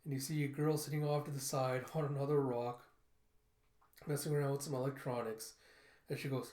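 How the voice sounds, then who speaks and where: A man's voice: medium pitch, flat delivery, a little fast, a little mellow. List: man, casual comic readthrough, "and she goes" recap, echoey sound. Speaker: comic book reviewer. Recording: roomy echo.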